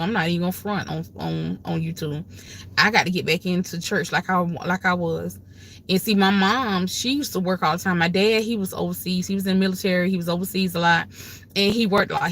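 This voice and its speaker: A woman's voice: lowish voice, fairly bright tone. Emphatic grandmother giving folksy advice. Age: older. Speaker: livestream host. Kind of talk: casual livestream talk, preachy advice.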